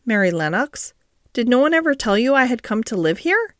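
A woman's voice: on the high side, very animated, a little fast, fairly bright tone, no room sound, studio quality. A woman voicing a blunt, curious young girl in an audiobook, direct and questioning.

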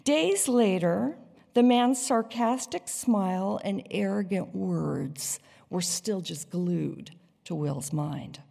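A woman narrating a dramatic story in an expressive, deliberate way. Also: on the low side, vocal fry, slightly rough. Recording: long hall reverb.

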